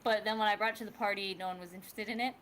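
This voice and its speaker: Casual woman co-host, rambling and chatty, mid pitch; faint noise on a home mic. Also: fairly even intonation, rapid-fire, fairly bright tone. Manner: chatty, rambling, filler-heavy. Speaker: livestream co-host. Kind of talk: casual chat.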